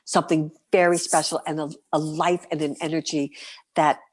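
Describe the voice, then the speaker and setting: A middle-aged woman from New City, a guest performer telling her stories in an interview, lively and vivid, sometimes dropping to a whisper. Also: low voice, normal speed. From New York City. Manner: animated, vivid storyteller, breaks into soft whispers. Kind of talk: storytelling interview.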